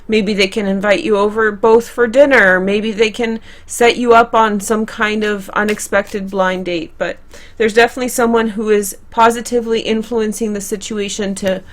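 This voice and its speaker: A young woman talks viewers through a tarot spread in a loose, conversational way. She chats casually and often restarts a phrase or corrects herself. Her voice sits at a middle pitch for a woman. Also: fairly even intonation, normal speed. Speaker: tarot reader. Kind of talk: tarot card reading to camera.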